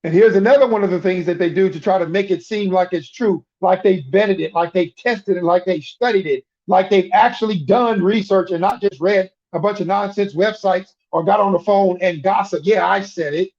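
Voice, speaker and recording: A man's voice: high voice, moderate pace, few pauses, a little mellow, lo-fi sound. A middle-aged man preaching a conversational sermon, emphatic, often repeating himself and restarting words.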